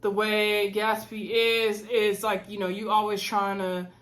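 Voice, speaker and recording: A woman casually reviewing a reality TV episode from home, chatty and quick to laugh, talking straight to her viewers as y'all. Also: mid-range voice, level tone, fairly bright tone. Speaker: reality TV recap host.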